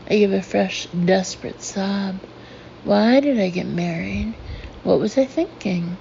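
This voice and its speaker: A woman reads a first-person novel aloud at an unhurried pace, her low, mellow voice edged with gravel. She leans into the heroine's feelings as she reads. The recording sounds a little dull, with a faint hiss underneath. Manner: emotive, voicing the heroine's feelings. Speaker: audiobook narrator. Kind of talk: first-person audiobook narration.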